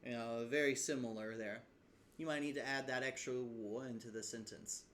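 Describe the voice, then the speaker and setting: A man's voice: mid-range voice, steady tone, normal speed, a bit bright, a little hiss or hum. A man teaching from his own language study in a casual video lesson, thinking aloud with fillers and restarts. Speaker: language learner explaining lessons.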